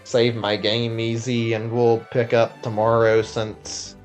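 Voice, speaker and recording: A man's voice: medium pitch, monotone, slow, faint music behind. A tired man streaming a video game, chatting casually and rambling with many filler words and restarts. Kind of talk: casual live-stream chat.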